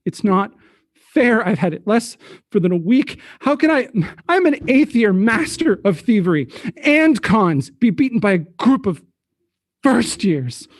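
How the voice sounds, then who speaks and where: A man's voice: fairly high pitch, normal speed, mellow, no echo, clean studio sound, lightly acted. A man doing a sly young thief voice. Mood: whining. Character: male thief student, cunning, mocking con artist.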